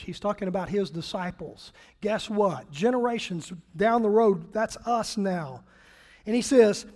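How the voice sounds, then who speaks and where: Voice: mid-range voice, normal speed. A pastor preaching a sermon, reading scripture aloud and throwing questions at the congregation. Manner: animated, asks the congregation questions; reads and paraphrases scripture aloud.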